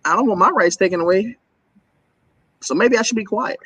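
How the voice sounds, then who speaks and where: A man talking as a guest in a casual interview, animated and laughing often, with quick asides. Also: high-pitched, breathy edge, no room sound, rough recording.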